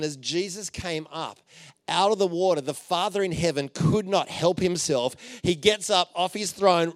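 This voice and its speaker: A man preaching a conversational sermon, telling stories with playful jokes and asides, and dropping to a soft voice for emphasis. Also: high voice, normal speed, dry recording. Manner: informal and joking, with many fillers and playful asides.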